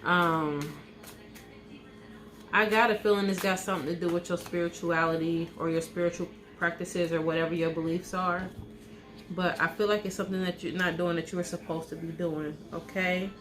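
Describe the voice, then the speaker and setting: A woman's voice: on the low side, fairly even intonation, moderate pace, a bit bright. A woman reading tarot cards in a casual, reassuring way, often checking in with "okay". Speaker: tarot card reader, host. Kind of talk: casual live card reading.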